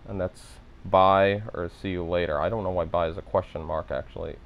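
A man's voice: low voice, fairly even intonation, moderate pace, creaky, muffled recording. A man practicing phrases from a course, repeating them and commenting on his own pronunciation in a self-deprecating, thinking-aloud way. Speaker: language learner and video host. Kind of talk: self-narrated practice session.

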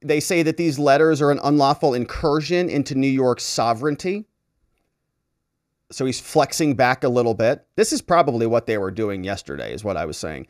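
Sarcastic, animated male commentator. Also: medium pitch, moderate pace, no echo, clean studio sound. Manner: sarcastic, animated, mocks quoted officials in exaggerated voices. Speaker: lawyer and political commentary host. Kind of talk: solo commentary reading a letter aloud.

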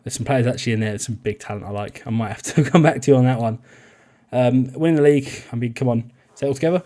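Talking fast in a warm, mid-range voice, a young video game YouTuber gives casual commentary while playing a football management game. He keeps it chatty and jokey and laughs a lot.

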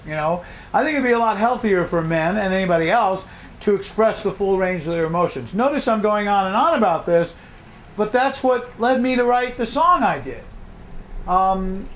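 A middle-aged man teaching a songwriting workshop, animated, acting out his own reactions as he talks. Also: high-pitched, normal speed, slight background noise. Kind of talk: workshop talk to a class.

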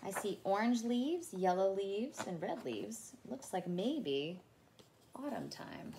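Preschool teacher, woman, unhurried, expressive read-aloud with lively pitch. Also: gravelly, background noise. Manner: animated, expressive storytelling. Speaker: childcare teacher. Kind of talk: reading a picture book aloud to children.

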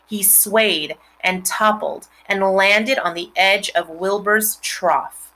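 Woman, storybook read-aloud, expressive, chatty asides, bright tone. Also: mid-range voice, slow, low-quality recording. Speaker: reader. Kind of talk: reading a children's novel aloud.

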